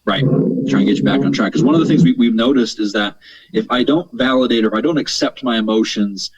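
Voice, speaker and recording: A man's voice: medium pitch, fast talker. A man speaking as a mental performance coach on an interview podcast, explaining earnestly at length, repeating words as he thinks and tagging points with "right?". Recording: dull lo-fi sound, dry.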